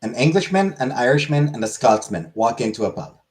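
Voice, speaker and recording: A man's voice: medium pitch, lively intonation, a little fast. A man hosting a casual comedic monologue, crude and irreverent, rambling between jokes.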